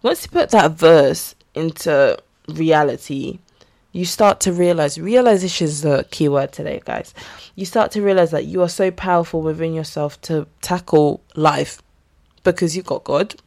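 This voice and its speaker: A woman's voice: sits low, moderate pace, vocal fry, darkish tone. A young woman hosting a solo podcast, talking earnestly and casually about faith, with lots of fillers. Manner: chatty, earnest, with frequent fillers and laughs. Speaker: podcast host.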